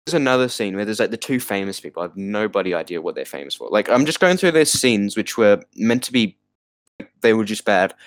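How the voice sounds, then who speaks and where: A man's voice: fairly low pitch, animated, a little fast, no echo, poor audio. A man co-hosting a podcast, chatting casually about a bad movie with rambling, exasperated asides and laughter. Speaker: podcast co-host. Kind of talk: casual movie review chat.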